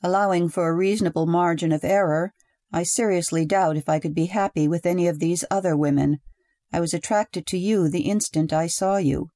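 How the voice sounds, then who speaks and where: A woman reading the lines of a calm, precise young husband who speaks in slow, measured words. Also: a little high, dry recording, studio quality, natural voice. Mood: calm, detached.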